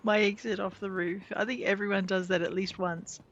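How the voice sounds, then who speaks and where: A woman's voice: mid-range voice, steady tone, a little fast, dull audio. A woman giving casual, chatty commentary while playing a video game and talking to its characters. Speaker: gameplay streamer.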